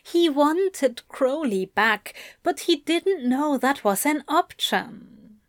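A woman reading a story aloud in a slow, careful, intimate way. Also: high-pitched, lively intonation, dry recording, studio quality. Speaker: reader. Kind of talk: audiobook narration of fan fiction.

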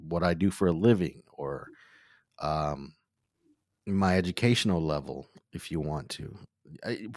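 A man with a very low, deep voice hosts a podcast in a relaxed chat. He talks thoughtfully and hesitates, with many ums and restarts. The recording is dry and close. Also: no echo. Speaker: podcast host. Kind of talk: casual conversation.

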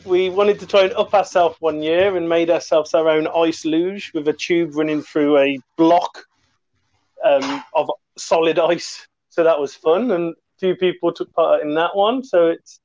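A man, a podcast guest, chatting in a relaxed way with frequent ums. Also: fairly high pitch, measured pace. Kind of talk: casual podcast chat. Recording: dull lo-fi call audio.

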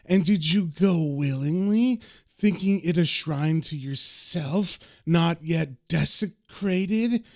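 A scheming male demon lord with a sly, haughty edge, as a man reading a comic puts him on. He mocks in a slow, deliberate way. Every line drips with scorn. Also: on the high side.

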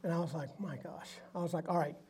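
A man's voice: on the high side, very fast, breathy edge. A middle-aged man, a company founder telling his faith story to a group and acting out the voices in it. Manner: animated storyteller acting out dialogue. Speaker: company founder sharing testimony. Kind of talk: storytelling talk to a live group.

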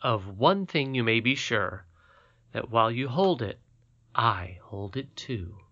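A man voicing a wise, gentle, mysterious old grandmother queen in an audiobook, calm, measured and tender. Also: medium pitch, lo-fi sound, exaggerated voice. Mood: tender instructing. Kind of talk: audiobook character reading.

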